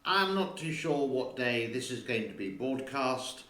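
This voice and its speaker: Man host, casual rambling home vlog, mid-pitched, roomy echo. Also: expressive, measured pace, fairly bright tone. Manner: rambling and chatty, talks to his cat. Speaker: channel host. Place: home studio.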